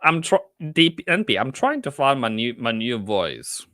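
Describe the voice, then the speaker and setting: A man's voice: mid-range voice, sing-song, moderate pace, bright, forceful tone, no echo, studio quality. A man working as a trading mentor, giving casual live-stream market commentary in a rambling, self-mocking, jokey way.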